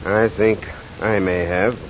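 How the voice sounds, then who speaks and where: A tough veteran police lieutenant in a vintage radio drama. He speaks in a brisk, wry and commanding way. The old recording is dull, with a faint hiss. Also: lowish voice, steady tone. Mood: wry firm. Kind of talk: 1940s radio acting.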